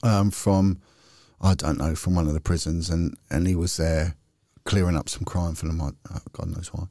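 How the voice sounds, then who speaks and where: A man's voice: sits low, flat delivery, moderate pace, dark tone, no room sound, studio quality. A middle-aged man, a podcast guest and former police detective, telling rambling, candid stories in casual chat. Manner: candid, rambling, chatty with frequent restarts. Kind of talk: casual anecdotal storytelling.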